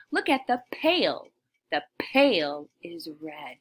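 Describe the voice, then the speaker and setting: A woman teaches young children to read, drawing out each beginning letter sound at a deliberately slow pace. Her voice is soft and breathy, often sinking to a whisper before she brightens with gasps of discovery. Her pitch rises and falls in a lively, singsong way. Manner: animated, encouraging, with gasps of discovery. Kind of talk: shared reading lesson for young children.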